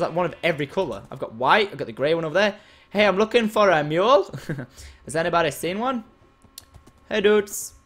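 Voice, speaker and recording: Excitable young man gaming. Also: on the high side. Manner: excitable, swears freely, bursts into shouts and silly singing. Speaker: gaming video host. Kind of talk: playing a game on camera, talking to viewers.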